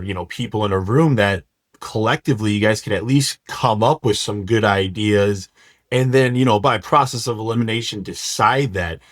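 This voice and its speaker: Low-voiced frustrated male guest. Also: no echo, studio quality. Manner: frustrated, rambling with restarts. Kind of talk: casual group conversation.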